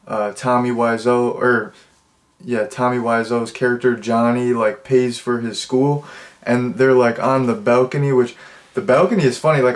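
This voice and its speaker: A man rambles through a relaxed, unscripted film review, packing nearly every phrase with "like." His tone stays amused and offhand as he restarts sentences and chases tangents. His voice has a middle pitch. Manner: rambling, constant "like" fillers, amused. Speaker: movie reviewer. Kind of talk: casual unscripted monologue.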